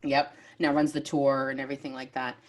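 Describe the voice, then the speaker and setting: A woman's voice: extremely low pitch, level tone, a little fast, crowd noise. A woman from Maine hosting a casual podcast chat, telling stories with many fillers and restarts. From Maine, USA. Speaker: podcast host.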